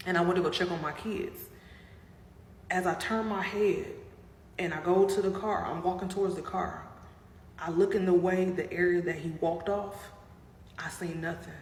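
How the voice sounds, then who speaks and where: A woman with a lowish, slightly bright voice tells a personal story casually and dramatically, frequently calling out to her viewers. The recording sounds roomy, with long reverb and faint noise.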